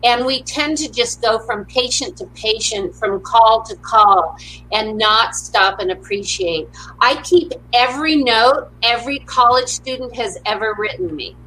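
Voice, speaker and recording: A middle-aged woman with a crisp, bright and fairly high voice talks through upbeat stories as an interview guest. She acts out the lines of the people in her stories with warmth and humor. There is a faint hiss in the background of the recording. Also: lively intonation, unhurried, poor audio. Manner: upbeat storyteller who acts out quotes. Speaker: motivational speaker, guest. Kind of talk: casual interview conversation.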